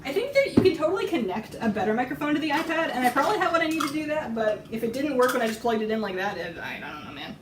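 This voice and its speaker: A woman with a hoarse, fading voice chats casually and rambles while she bakes on a live stream, often laughing. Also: high-pitched, big pitch swings, racing, few pauses, noisy background. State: hoarse, losing her voice. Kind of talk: casual chat while cooking. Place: home kitchen. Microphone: iPad microphone. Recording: roomy lo-fi tablet audio from a distance.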